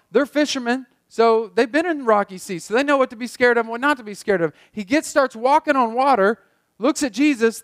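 High-voiced male pastor preaching casually. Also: fairly bright tone, dry recording, clean studio sound. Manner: conversational storytelling, repeats words while thinking. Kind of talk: sermon.

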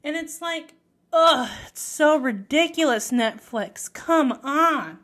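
Woman vlogger, high voice, exasperated casual rant with frequent swearing. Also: lively intonation, slow pace, fairly bright tone. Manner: exasperated, swears freely, emphatic ranting.

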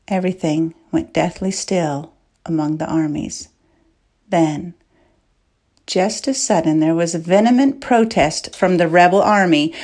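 A woman narrating a novel in measured, unhurried storytelling. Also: lowish voice, a little mellow. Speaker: audiobook narrator.

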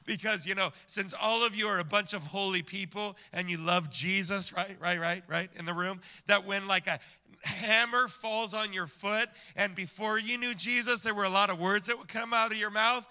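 A man preaching a sermon to his congregation, repeating lines again and again and swinging from loud shouts to hushed whispers, with quick asides to the room. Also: high-pitched, fairly even intonation. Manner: talks straight to the congregation with quick asides and questions. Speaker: pastor.

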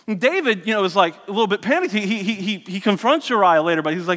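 A man preaching a sermon as a lively story, acting out the characters' voices and adding joking asides. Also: high voice, fast talker, few pauses, big-room sound. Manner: animated, voices the characters, self-mocking asides.

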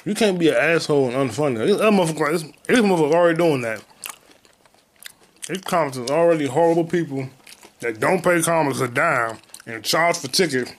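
A man hosting a solo podcast, a comedian ranting casually and profanely, with sudden loud outbursts. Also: on the high side, slight background noise. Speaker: podcast host and stand-up comedian.

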